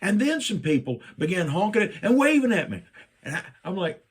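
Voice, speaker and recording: A middle-aged man from Virginia, telling a personal story and acting out his own lines with big jumps up in pitch. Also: brisk, husky. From Virginia, USA. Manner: animated, jumps up in pitch when quoting himself.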